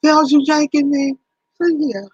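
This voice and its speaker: A woman's voice: sits high, unhurried, no room sound. Livestream host, woman, chatty and exclaiming, teases viewers, dull dry recording. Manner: animated, exclaiming, teasing viewers by name. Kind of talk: casual livestream chat.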